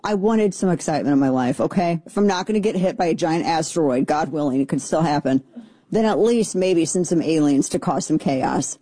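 A woman talk host with a mellow, warm voice, riffing through casual comedic commentary. She slips into sarcastic, animated mock excitement, recorded close and dry. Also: sits low, a little fast, no room sound.

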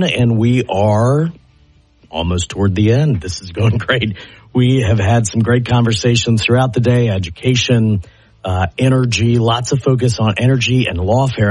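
A man sits in as host of a radio talk show and welcomes a guest. He talks in a loose, easygoing way with a few fillers. His voice is slightly husky and the sound is dry and close. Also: mid-range voice, a little mellow, no room sound. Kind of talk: casual radio hosting.

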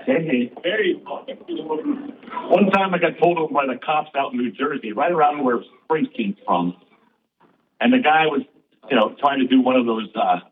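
A man doing stand-up comedy on stage, bantering quickly and playfully with the crowd. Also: mid-range voice, background noise. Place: stage before a live audience. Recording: tinny far-off stage recording with music.

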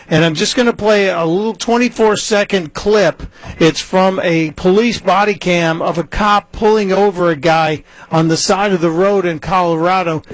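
A man hosts a talk radio show as a fill-in, chatting with a guest in an easy, conversational way, with the odd "uh". His voice sits a little high. The sound is dry and close. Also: dry recording, low-quality recording. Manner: conversational, some stumbles and fillers.

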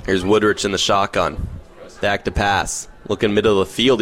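Man calling high school football. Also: normal speed, a little hiss or hum. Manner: rises to excited calls on big plays. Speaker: play-by-play announcer. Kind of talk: radio sports commentary. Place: outdoors at a football field.

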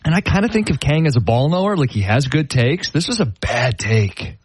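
An animated man recounts a story on sports radio, his pitch leaping up and down as he stumbles over his words. His voice is a bit husky. The close mic is dry. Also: normal speed. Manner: animated storyteller, stammers when excited. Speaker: radio show co-host. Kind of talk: casual radio banter.

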